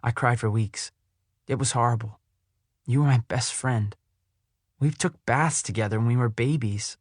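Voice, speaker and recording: A man's voice: mid-range voice, normal speed, slightly rough, no echo, studio quality, lightly acted. A man voicing a bubbly teenage girl. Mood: eager. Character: eager friendly teenage girl.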